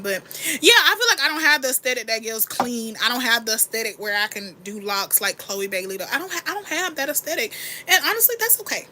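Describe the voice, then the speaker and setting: A young woman chats in a bright, forward voice as she gets ready live on camera, rambling candidly and reacting to her viewers' comments. Her voice is close to a phone or webcam mic, with a faint room hum underneath. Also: a little high, a little fast. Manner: candid, rambling and animated, reads and answers chat. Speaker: livestream host. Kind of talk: casual get-ready-with-me livestream chat.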